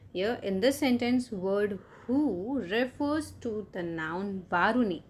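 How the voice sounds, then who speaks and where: Slow-speaking woman teaching grammar. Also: fairly high pitch, slight background noise. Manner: slow, explains step by step, often asks "Clear?" and "right?"; frequent "uh" fillers. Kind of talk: grammar lesson for children.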